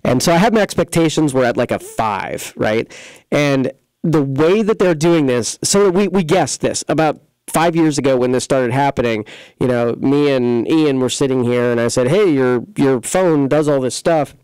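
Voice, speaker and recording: A man's voice: medium pitch, moderate pace, a little mellow, clear, resonant tone, no room sound, poor audio. A man hosting a local computer repair talk segment, chatting in a rambling, folksy way full of fillers and restarts. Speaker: computer repair shop host. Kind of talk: casual local radio-style talk show. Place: studio.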